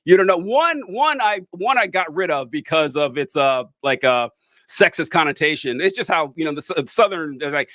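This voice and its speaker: A man's voice: fairly high pitch, animated, moderate pace, a bit bright, no echo. Rambling man, dry close sound. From American South. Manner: rambling, self-interrupting, laughs often. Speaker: podcast host. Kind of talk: casual chat.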